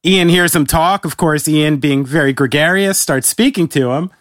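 A man with a high voice hosts a casual interview, laid-back and swearing freely as he tells stories. The sound is dry and close, with no room echo. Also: normal speed, fairly bright tone. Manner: laid-back, profane storyteller. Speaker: interviewer host.

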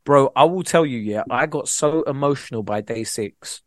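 A man's voice: mid-range voice, moderate pace, no room sound, clean studio sound. A young man, a comedian telling stories in a casual chat, full of slang. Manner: animated storytelling with slang. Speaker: comedian, podcast co-host.

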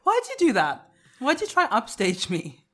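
A woman's voice: on the high side, wildly swooping pitch, measured pace, a bit bright, soft background music. A young woman hosting a casual podcast, talking in a dry, matter-of-fact and teasing way. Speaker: podcast host.

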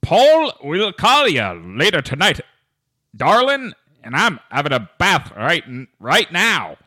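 A man putting on a loud, hammy voice mixing Scottish and Texan sounds, pitched up and sing-song. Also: sing-song, slow, no room sound, studio quality, heavily acted.

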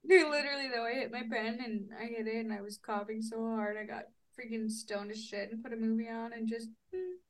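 A young woman co-hosting a loose, casual podcast. Her voice sits a little high, and she tells her stories in an animated way. She swears freely and laughs often. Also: brisk, few pauses. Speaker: podcast co-host. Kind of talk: casual chat.

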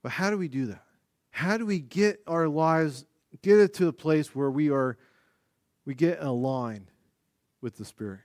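Man preaching a lively sermon. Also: fairly high pitch, unhurried, pauses often, no room sound, clean studio sound. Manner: animated storytelling, demonstrating actions. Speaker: pastor.

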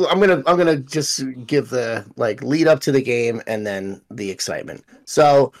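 A young adult man co-hosting a casual sports podcast, telling animated stories and swearing freely. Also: mid-range voice. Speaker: podcast co-host.

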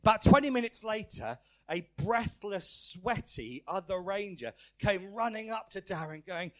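A man preaching a lively, playful family-service sermon in church, asking the congregation questions and calling out their answers. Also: high-pitched, unhurried.

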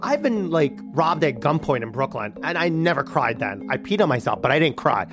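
A man's voice: on the high side, brisk, over music. Man telling a wild personal story. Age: 30s. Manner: animated, acts out quoted voices. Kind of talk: personal story told to a radio audience.

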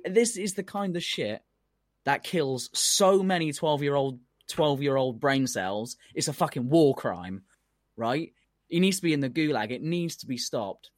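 A man's voice: on the high side, no echo, studio quality. Ranty swearing man on a podcast. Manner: ranty, swears a lot, worked up. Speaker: podcast co-host. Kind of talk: casual comedic podcast chat.

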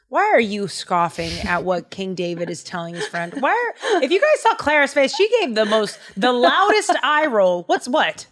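A woman co-hosting a podcast, retelling a Bible story in casual chat, animated and slangy, acting out the dialogue. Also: fairly high pitch, moderate pace, hardly any pauses. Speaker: podcast co-host.

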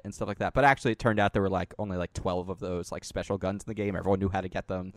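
A man's voice: deep voice, fairly even intonation, very fast, hardly any pauses, no echo, clean studio sound. A man in his thirties chatting casually about a video game, rambling with many fillers. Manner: rambling, lots of fillers and laughs. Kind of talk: casual chat.

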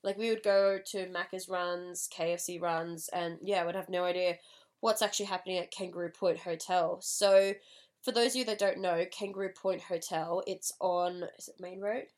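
A woman's voice: on the low side, fairly even intonation, moderate pace, no room sound. A young Australian woman with a cold-nasal voice, hosting a podcast in an earnest, chatty way. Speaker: podcast host. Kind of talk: casual podcast chat.

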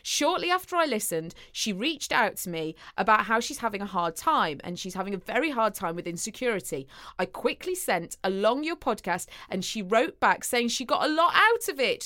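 Bright-voiced woman podcast co-host. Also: fairly high pitch. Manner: warm-hearted, laughing, reads letters aloud. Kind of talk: casual chat.

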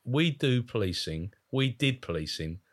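A man interviewing a guest in an earnest, halting way, with stammered restarts. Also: medium pitch, expressive. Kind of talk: conversational interview.

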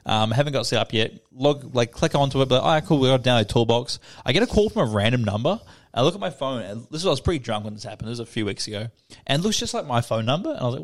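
Brief: young Australian man, podcast co-host, quick talker, casual and profane storyteller. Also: medium pitch. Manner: swearing, storytelling, animated retelling. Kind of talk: casual chat.

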